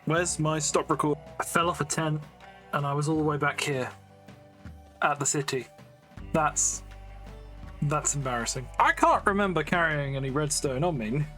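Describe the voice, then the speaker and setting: A casual YouTuber with an English accent talks through a building game at a middling pitch. The speech rambles and is full of fillers and self-mocking jokes. Soft music plays faintly underneath. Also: normal speed, pauses often. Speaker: Minecraft YouTuber. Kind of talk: casual gameplay commentary. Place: home room with a fan running.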